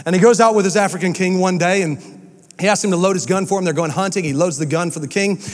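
Energetic high-voiced preacher in a reverberant hall. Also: male voice, fast talker. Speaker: pastor. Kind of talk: sermon. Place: church sanctuary.

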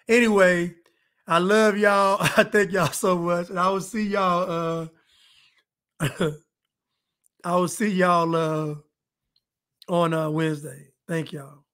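A man's voice: high-pitched, steady tone, takes it slowly, long pauses, a bit bright. A man hosting a live podcast stream, chatting casually, joking, repeating himself and thanking viewers. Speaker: podcast host.

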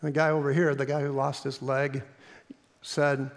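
A man's voice: on the high side, little pitch movement, normal speed. A man preaching a sermon as pastor, telling stories earnestly and repeating key lines for emphasis. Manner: earnest storytelling with emphatic repetition. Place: church sanctuary. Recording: long church reverb.

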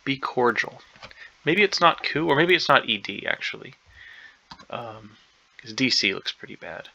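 A man with a sharp, gravelly voice thinks aloud through a crossword puzzle. He talks in hesitant, half-sure bursts, stacking ums and second guesses. The recording is dull and lo-fi. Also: medium pitch, expressive, a little slow. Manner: hesitant, unsure, many ums and self-doubts. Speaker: crossword solver.

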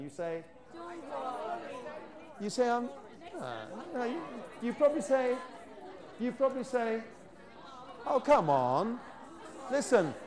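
A man's voice: sits high, a little mellow. A British man leading a live workshop, playfully coaxing the audience to repeat lines after him. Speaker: teacher trainer leading a workshop. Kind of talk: live classroom demonstration. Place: lecture hall with an audience.

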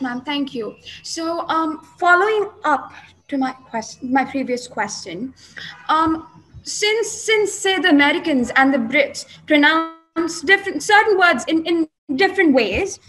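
A woman's voice: high-pitched, a bit bright, rough recording. A woman, an audience member on a video call, asking polite questions with many hesitations and restarts.

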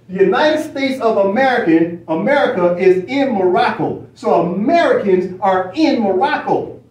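A high-voiced man lecturing as he reads from a screen. He presses his points with repeated phrases and rhetorical questions. He sounds a little off mic in an echoey room. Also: recorded from a distance. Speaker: study session teacher. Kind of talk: lecturing while reading from a screen.

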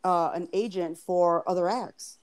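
A woman co-hosting a podcast in casual chat, relaxed and hesitant, with many fillers. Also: lowish voice, measured pace, smooth. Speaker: podcast co-host.

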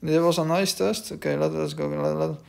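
The gaming commentator speaks a little fast in a slightly high, creaky voice with a steady tone. Casually he addresses the game's dogs, confused and self-deprecating, amid loud background noise.

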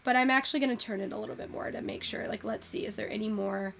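A young woman giving casual, excitable commentary while taking in-game photos, swearing freely and gushing over what she sees. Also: medium pitch, quick pace, gravelly, a little hiss or hum. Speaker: virtual photography creator.

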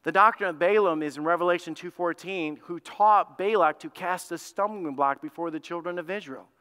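A male pastor preaching a sermon in an animated, conversational way, turning to question his congregation. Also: high voice, brisk, clean tone. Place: church sanctuary. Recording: long reverb of a church hall.

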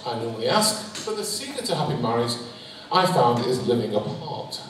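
A middle-aged man with a Liverpool accent doing a stand-up comedy set of deadpan one-liners on stage. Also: medium pitch, moderate pace, a crowd in the background. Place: large hall on stage. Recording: echoey hall, mic at a distance.

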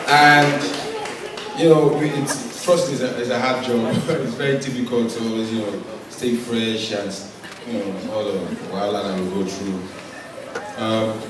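A man with a Nigerian accent doing stand-up comedy on stage, chatty and animated, laughing with the crowd. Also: lowish voice, recorded from a distance. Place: large awards hall. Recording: echoey hall, loud music and crowd.

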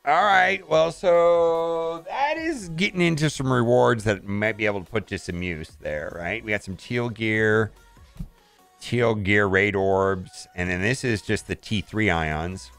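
A man's voice: on the low side, expressive, measured pace, vocal fry, a bit bright, faint music behind. A man casually commenting on a mobile game as he plays, thinking aloud and often saying "all right".

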